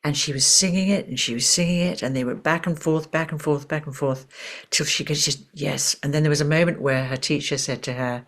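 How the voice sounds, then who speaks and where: A woman voice teacher and author, soft and unhurried, telling a story in conversation and now and then singing syllables. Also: low voice.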